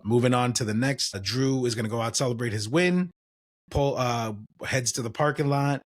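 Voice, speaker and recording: A man co-hosting a podcast, running through wrestling matches in a loose, casual play-by-play with fillers and quick asides. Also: medium pitch. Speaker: podcast co-host. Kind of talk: casual wrestling recap chat.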